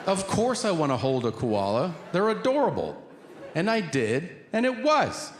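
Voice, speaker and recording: A man doing stand-up on a stage mic, his pitch swinging freely as he tells profane stories. His voice rings through a big reverberant hall, with clear crowd noise behind him. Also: normal speed. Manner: animated, profane storytelling with acted-out quotes. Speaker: stand-up comedian. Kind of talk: stand-up routine.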